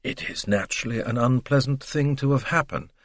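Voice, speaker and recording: A man voicing a calm, reserved young Englishwoman who answers briefly and coolly. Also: mid-range voice, brisk, no room sound, pitched above the performer's own voice, lightly acted. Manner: cool, brief, composed replies.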